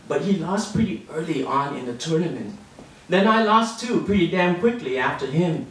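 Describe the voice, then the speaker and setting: A man reads his own short story to an audience in a fairly high, animated voice, taking on the lively tone of a boy narrator. The sound is very roomy, caught from well away from the mic. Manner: voices a boy narrator, lively with rising pitch in quoted lines. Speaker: author reading his fiction. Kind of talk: public reading of a short story. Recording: roomy and distant, heard from across the room.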